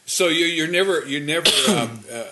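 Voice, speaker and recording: A man's voice: on the high side, expressive, normal speed, very noisy. A man hosting a casual interview show, easygoing, with teasing asides. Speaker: talk show host.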